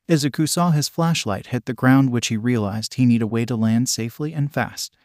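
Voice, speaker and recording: A man narrating fan fiction in a flat, even, scripted reading. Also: mid-range voice, dry recording, clean studio sound. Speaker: fanfic reader.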